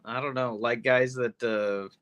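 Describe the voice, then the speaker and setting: A man's voice: mid-range voice, steady tone, a little slow, a bit bright. A man co-hosting a podcast, chatting in a dry, teasing way. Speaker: podcast co-host. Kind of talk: casual podcast chat.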